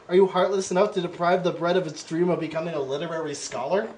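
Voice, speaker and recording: A man's voice: fairly high pitch, fairly even intonation, fast talker. A man hosting a casual comedy podcast, playfully reading quiz questions aloud and quizzing his guests. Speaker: podcast host.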